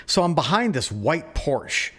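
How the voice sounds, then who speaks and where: A man co-hosting a podcast, telling a lively story over a phone call with frequent laughs. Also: a little high, unhurried, breathy edge. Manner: animated storyteller, laughs often. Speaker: podcast co-host. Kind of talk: casual phone chat storytelling.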